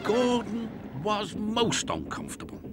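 A man giving scripted, expressive storybook narration for children. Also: high-pitched, unhurried. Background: music.

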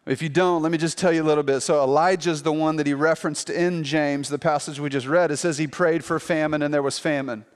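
A man preaching as a pastor, telling a scripture story in a lively, conversational way and acting out the quotes. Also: fairly high pitch, fast, hardly any pauses, clear, resonant tone, long reverb tail. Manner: animated storytelling, acts out quotes in playful voices. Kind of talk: sermon.

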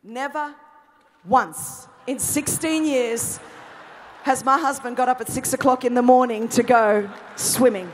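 An Australian woman preaching a sermon, telling humorous stories in an animated way and building to shouted passion. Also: high-pitched, unhurried, a little hiss or hum.

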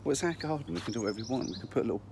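A man's voice: fairly low pitch, expressive, rapid-fire, noisy background. A man filming and teasing his wife in a casual family vlog. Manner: teasing, jokey. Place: garden outdoors.

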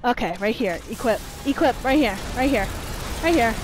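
Swearing woman gamer shouting in panic. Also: expressive, moderate pace, noisy background. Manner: loud, swearing, panicky outbursts; low muttered reading aloud. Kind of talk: let's play commentary.

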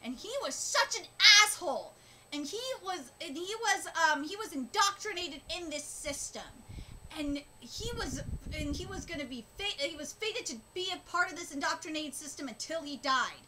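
A woman giving a live reaction commentary as a streamer, emotional and close to tears, talking in halting bursts with many fillers and restarts. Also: high voice, animated, noisy background. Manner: emotional, gushing, on the verge of tears.

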